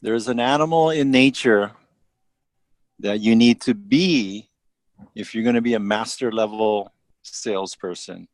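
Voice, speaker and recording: Low-voiced man quizzing his team. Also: a little slow, no echo. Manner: direct, asks the group questions. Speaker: team leader. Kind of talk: coaching a team in a meeting.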